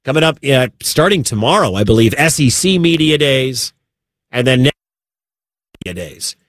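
A man's voice: mid-range voice, very animated, moderate pace, a bit bright, dry recording, studio quality. A man hosting a sports talk radio show, talking emphatically and repeating his points for stress.

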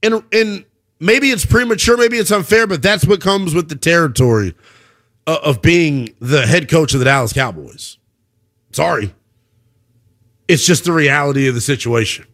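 A man's voice: fairly high pitch, moderate pace, fairly bright tone. A man hosting a sports talk radio show, delivering an emphatic, opinionated monologue and taking calls.

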